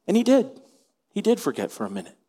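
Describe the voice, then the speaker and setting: Male pastor, higher voice, lively sermon delivery, long church reverb. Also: fast. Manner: animated, acts out voices in quotes.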